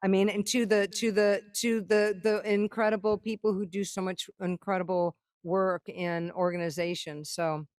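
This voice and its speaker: Middle-aged woman, songwriter guest; lively, swearing raconteur, dry close sound, mid pitch. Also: normal speed, few pauses, no echo. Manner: animated, swears freely, acts out other people's lines. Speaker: songwriter and producer, keynote guest. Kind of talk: casual conversational storytelling.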